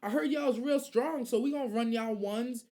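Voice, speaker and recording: A woman's voice: fairly high pitch, moderate pace, mellow, natural voice. A woman voicing a boastful, bullying male orc mage, talking trash in slang. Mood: taunting. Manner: taunting, slangy trash talk.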